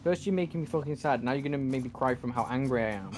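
A man's voice: medium pitch, quick pace, darkish tone, a little hiss or hum. A young man giving let's play commentary, frustrated and swearing at the game as he plays. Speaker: gaming channel host.

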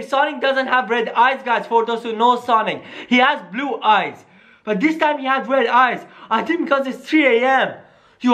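A vlogger in a staged scary phone-call skit, excitable and talking straight to viewers, dropping into hushed tones at times. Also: sits high. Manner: excitable, keeps saying "guys", drops to hushed tones.

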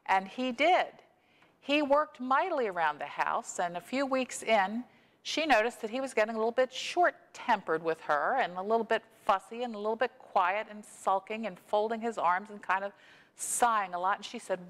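A woman pastor reading scripture and preaching a sermon in a measured, storytelling way. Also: mid-range voice. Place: church sanctuary. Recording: long echo of a church hall.

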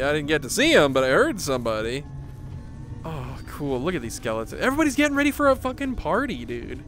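Excitable man with a lively, swinging voice. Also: on the high side, noisy background. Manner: excitable, swears casually, laughs often. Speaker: gaming streamer. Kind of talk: casual VR gameplay commentary. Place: home room, seated on the floor.

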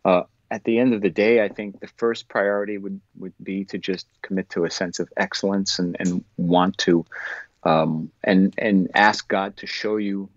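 A man, an actor guest in an interview, answering in a thoughtful, earnest way and often pausing to search for words. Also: low-pitched, fairly even intonation, dry recording. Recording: dull lo-fi sound.

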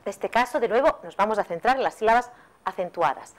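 A woman teaching pronunciation, explaining stress patterns briskly and chanting verse to show the rhythm. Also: mid-range voice, animated, poor audio. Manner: rhythmic, demonstrative.

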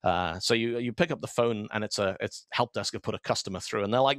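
A fast-talking man with a fairly low voice gives a conference tech talk online, chatting his way through stories and acting out what people said. Fillers and tangents come often, and the sound is dry and of studio quality.

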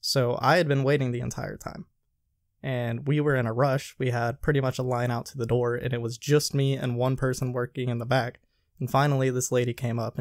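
Here a young man with a medium-pitched voice hosts a casual podcast chat, telling stories from his restaurant work with lively energy and acting out quoted lines. The audio has studio quality and no echo.

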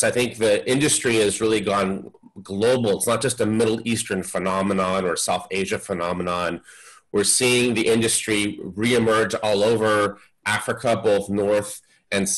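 Deep-voiced man answering as a panel expert. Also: a bit bright, low-quality recording. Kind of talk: webinar panel discussion.

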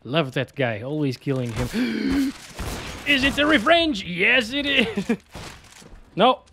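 A man giving excitable gameplay commentary, laughing and yelping as he plays. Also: high-pitched, slow pace, a little hiss or hum. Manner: excitable, yelps and laughs at in-game moments. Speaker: gaming YouTuber. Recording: faint game gunfire behind. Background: game gunfire and explosions.

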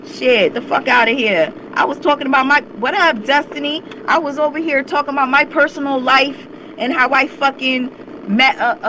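A woman's voice: high voice, pushed and bright, slight background noise, rough recording. Heated profane young woman ranting. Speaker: YouTube commentator. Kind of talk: angry rant to camera.

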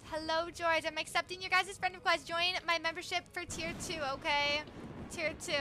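Bubbly high-voiced young woman streamer. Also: flat delivery, normal speed, noisy background. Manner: bubbly, chatty, reads viewer comments aloud. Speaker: live streamer. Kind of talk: live gameplay stream chat.

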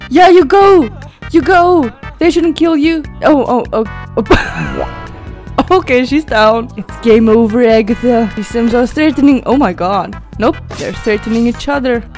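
Woman, high voice, slow easygoing delivery, excitable gaming commentary, gasps and exclamations. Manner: excitable, gasping and exclaiming at the chaos. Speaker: gaming video creator. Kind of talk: let's play commentary. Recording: faint game music behind.

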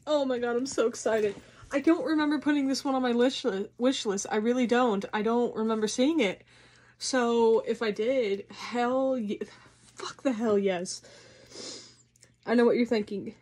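Woman doing an unboxing vlog, gets super excited, swears a bit, fairly high voice. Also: normal speed. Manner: gushing and excitable, swears casually. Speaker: unboxing vlogger. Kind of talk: casual unboxing chat.

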